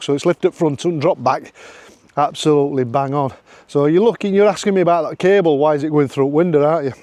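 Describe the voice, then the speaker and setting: Chatty yorkshire bloke vlogging on his phone outside at a campsite, bit high voice, dry close sound. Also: darkish tone, no room sound. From Yorkshire, England. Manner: chatty, jokey, repeats phrases, laughs often. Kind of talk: casual travel vlog. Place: outdoors at a campsite.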